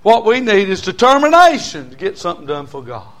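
A man preaching in church, his voice sitting a little high. He builds emphatic, repetitive runs of phrases and mixes in folksy humor. He addresses a responsive congregation. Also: wildly swooping pitch, brisk, fairly bright tone. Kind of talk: sermon.

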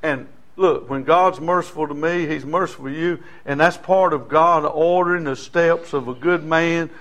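A middle-aged man preaching a sermon, folksy and storytelling, rising now and then into shouting. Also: on the high side, normal speed. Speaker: pastor.

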